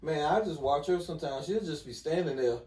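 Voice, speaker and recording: A middle-aged man telling personal stories as a podcast guest in a relaxed, casual way, often saying "you know". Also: a little high, brisk, a crowd in the background. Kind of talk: casual conversation. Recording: echoey room, distant mic.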